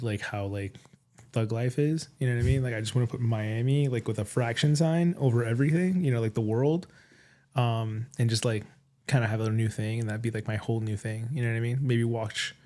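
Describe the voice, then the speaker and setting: A man's voice: medium pitch, steady tone, a little fast, dark tone. Young guy rapper on a pod, chatty, rambles, lots of filler. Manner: rambling storyteller, fillers like "you know what I mean". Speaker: guest rapper. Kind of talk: casual podcast chat.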